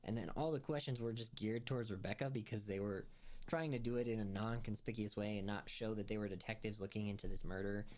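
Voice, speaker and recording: A man's voice: lowish voice, steady tone, fast talker, darkish tone. A man hosting a film review podcast, recapping episodes in a rambling, casual way full of fillers and restarts, laughing as he retells scenes.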